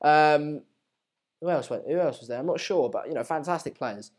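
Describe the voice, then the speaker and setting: A young man hosting a live football watchalong, chatting casually, reading out viewer messages and breaking into excited match updates. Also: a little high, normal speed. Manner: chatty, reads out and answers viewer messages, many fillers and restarts. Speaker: live stream host.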